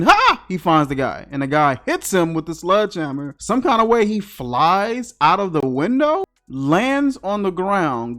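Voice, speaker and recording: A movie reviewer talking through scenes in loose, slangy speech. The voice swings widely in pitch as it jumps from dry narration to disbelieving outbursts. It is comedic commentary that keeps poking fun at everything on screen. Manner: incredulous, mocking, riffing on scenes; slangy casual talk.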